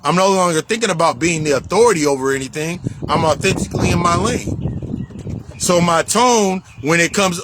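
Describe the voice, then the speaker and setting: A man's voice: sits high, normal speed, a bit bright, a little hiss or hum, low-quality recording. A man talking as a life coach in a casual spiritual monologue, emphatic and profane, repeating himself for stress. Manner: emphatic, profane, repetitive street talk.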